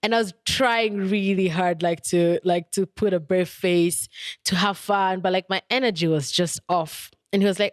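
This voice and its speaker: A young woman talks candidly and thoughtfully as she hosts her podcast, her voice smooth and clean. She wanders through stories with easy "likes" and "ums". The sound is dry and close, with no room around it. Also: on the low side, steady tone, normal speed, dry recording. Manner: candid, thoughtful, with frequent "like" and "um" fillers. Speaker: podcast host. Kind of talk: reflective personal storytelling.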